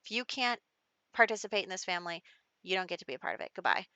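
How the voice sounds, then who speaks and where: A fed-up mother at the end of her patience, scolding sharply and a little higher than normal speech, as a woman acts her out. Her voice is bright and tense, recorded close and dry. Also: animated, fast, no echo, muffled recording. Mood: stern. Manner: angry, scolding.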